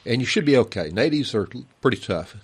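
A man's voice: mid-range voice, lively intonation, brisk, slightly rough. A man giving practical gardening advice on a call-in radio show in a folksy way. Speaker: gardening expert guest. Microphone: studio microphone.

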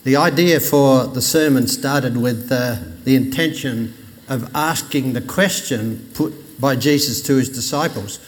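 A man preaching a Sunday sermon in a conversational way, lifting his voice for emphasis and dropping it low when he quotes scripture. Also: measured pace. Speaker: pastor. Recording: long reverb of a church hall.

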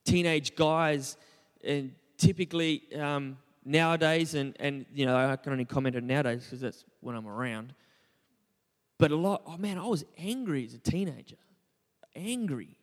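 A man's voice: fairly high pitch, normal speed, long reverb tail. A young man preaching a conversational sermon, joking about himself and asking the congregation questions. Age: young adult. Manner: conversational, self-deprecating, asks the congregation questions. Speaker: pastor.

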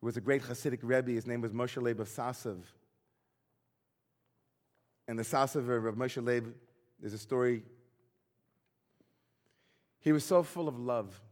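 A man's voice: mid-range voice, a little slow, pauses often, a little mellow, in a large hall. A man who is a rabbi, delivering an earnest, reflective sermon full of searching questions.

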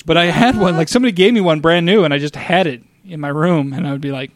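A man's voice: on the high side, fast talker, no room sound, clean studio sound. A man co-hosting a casual podcast chat, rambling with restarts and jokey asides. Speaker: podcast co-host.

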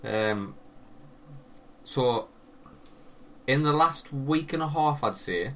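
A man's voice: mid-range voice, animated, slow, fairly bright tone. A young man, co-hosting a podcast in casual, sweary banter with lots of fillers. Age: young adult. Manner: laid-back banter, swears, trails off with fillers. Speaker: podcast co-host. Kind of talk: casual chat.

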